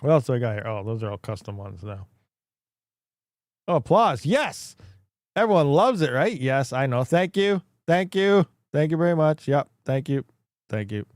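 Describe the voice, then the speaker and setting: Guy rambling on his livestream, thinks out loud, laughs a lot, dry close mic. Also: mid-range voice, animated, moderate pace, dry recording. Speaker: crypto mining livestream host. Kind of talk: casual livestream chat.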